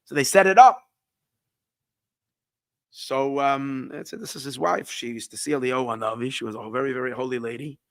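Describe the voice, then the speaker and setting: A man, a rabbi, telling a long story in a halting way, often restarting and repeating words, with Yiddish words mixed in. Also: mid-range voice, no echo, studio quality. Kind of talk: storytelling talk.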